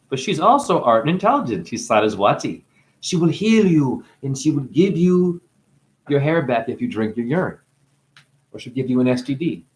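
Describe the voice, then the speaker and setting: A spiritual talker with a mid-range voice delivers a rambling monologue, free-associating through wordplay and profanity. He's profane and teasing, dropping into hushed asides and breaking into crooning.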